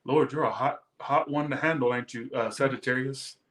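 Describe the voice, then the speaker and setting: A man's voice: medium pitch, fairly even intonation, moderate pace, echoey room, noisy background. A man reading tarot who rants defensively and emphatically to his viewers in casual talk. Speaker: tarot reader.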